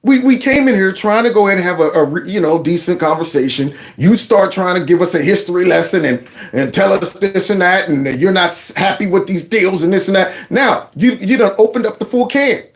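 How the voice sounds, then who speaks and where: A man's voice: sits high, expressive, brisk, few pauses. A man impersonating an irritated, blunt older male head of state, scolding in casual slang. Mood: exasperated.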